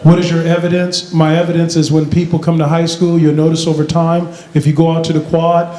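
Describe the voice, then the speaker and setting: A man with a high, bright-pitched voice delivers a lively motivational speech to a big room of students, quizzing them as he goes. The sound rings around a large echoey hall, with steady noise underneath. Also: brisk. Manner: animated, playful, quizzes the crowd. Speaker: motivational youth speaker. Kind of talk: motivational school assembly speech.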